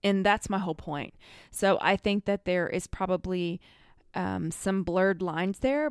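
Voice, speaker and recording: A woman's voice: fairly low pitch, smooth, no room sound, studio quality. A woman from the United States, an energy healer, giving earnest, conversational advice with many fillers. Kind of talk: casual advice monologue.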